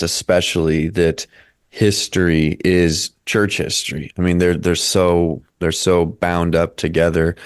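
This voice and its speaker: A man's voice: deep voice, darkish tone, clean tone, dry recording, studio quality. A man co-hosting a podcast, reflecting aloud in a loose way that trails off mid-thought. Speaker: podcast co-host. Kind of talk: casual interview chat.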